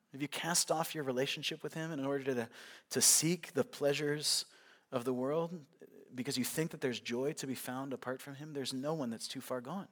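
A man preaching a sermon, swinging from loud, emphatic lines to hushed, quiet ones as he works through a passage. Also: medium pitch. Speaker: pastor.

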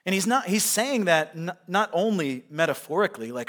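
A man preaching a sermon, swinging from loud, emphatic lines to hushed, quiet ones as he works through a passage. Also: sits high, lively intonation, a little fast, hardly any pauses. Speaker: pastor.

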